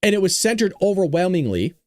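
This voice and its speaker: Man hosting news commentary, emphatic, sarcastic, fairly high voice, dry sound. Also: quick pace, no room sound. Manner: emphatic, animated, sarcastic asides. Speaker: host.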